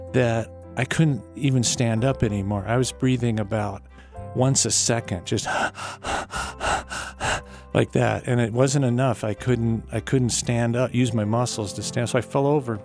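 A man telling a personal story in an unhurried, wry way, with small quiet laughs between lines. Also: medium pitch. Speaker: storyteller guest. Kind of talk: personal story told to an interviewer.

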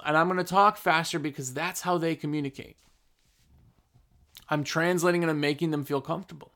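A man who runs a trades business, giving blunt, emphatic business advice in a casual talk and slowing down to stress his points. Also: on the high side, pushed and bright. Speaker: business owner.

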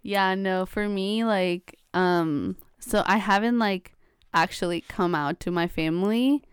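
Young woman, college age, casual and chatty, crisp clear voice, dry close sound. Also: medium pitch, a little slow, dry recording. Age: young adult. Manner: chatty, many fillers, acts out quoted dialogue. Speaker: college student. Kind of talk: casual chat.

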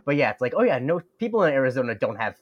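Male podcast co-host, rapid casual chat, laughs a lot. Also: medium pitch, sing-song, lo-fi sound. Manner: chatty, laughs often.

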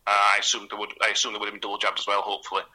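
A man's voice: fairly low pitch, monotone, very fast, sharp tone, slightly rough, low-quality recording. A young man, a football fan guest, chatting casually with eager, rambling explanations. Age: young adult. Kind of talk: casual chat.

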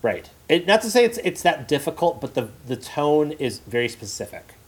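A man's voice: fairly high pitch, big pitch swings, normal speed, slightly rough. A man in a casual podcast chat who talks hesitantly, pokes fun at himself and restarts his sentences often. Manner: hesitant, self-deprecating, many restarts.

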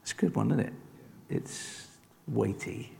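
A man with a lowish voice preaches a sermon in an easy, conversational way. He keeps encouraging his listeners and asking rhetorical questions. His voice rings with the long reverb of a church hall. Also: lively intonation, measured pace, vocal fry, darkish tone, a little hiss or hum.

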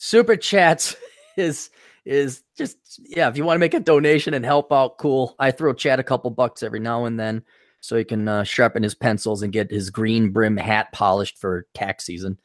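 A man's voice: medium pitch, normal speed, no room sound, clean studio sound. Wisecracking middle-aged Midwestern man. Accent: Upper Midwest American. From Milwaukee, US. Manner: rambling, wisecracking. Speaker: podcast host. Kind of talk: casual podcast chat.

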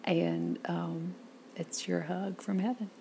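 Gravelly woman telling stories. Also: on the low side, takes it slowly, a little hiss or hum. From south Louisiana. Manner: lively storyteller acting out quoted speech. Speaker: interview guest. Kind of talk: casual storytelling interview.

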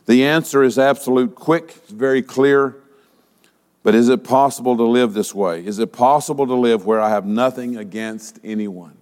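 A man's voice: lowish voice, a little mellow. Man preaching in a reverberant hall. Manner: rhetorical questions, dramatic pauses. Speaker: pastor. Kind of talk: sermon.

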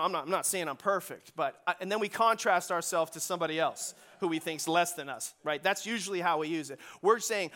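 A man pastor preaching a sermon in a church, animated and calling for responses from the congregation. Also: high voice. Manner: animated preaching with audience call-and-response and rising emphasis. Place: church sanctuary.

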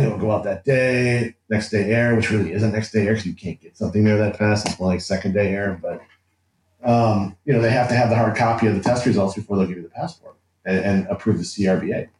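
Animated man in a roomy echo. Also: lowish voice, a little hiss or hum. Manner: animated, laughs often, acts out quotes with restarts. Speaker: interview guest. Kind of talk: casual anecdotal storytelling.

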